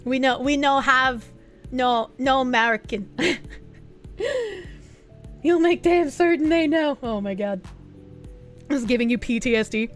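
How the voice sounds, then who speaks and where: A young woman with a Boston accent, streaming and chatting casually with her chat in an animated way, swearing often. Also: high-pitched, a little slow, pauses often. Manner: animated, swearing, laughing, bursts into loud put-on yells. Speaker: streamer reading chat messages. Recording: faint music behind.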